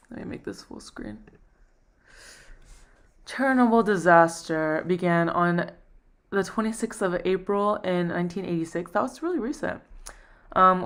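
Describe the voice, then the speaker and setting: A woman's voice: on the low side, smooth. A young woman chatting on a live stream, rambling and self-conscious, out of breath from running. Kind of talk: casual live stream chat.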